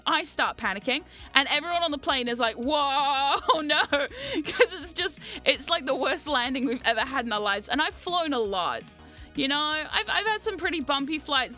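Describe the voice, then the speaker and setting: Woman streamer, high voice, bright tone, casual storytelling, swears, laughs a lot. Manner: chatty, swears freely, frequent laughter.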